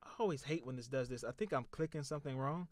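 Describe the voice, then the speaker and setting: A man in his thirties on a podcast, telling a personal story in a heated, profane, animated way. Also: medium pitch, quick pace, no room sound, studio quality. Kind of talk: casual storytelling.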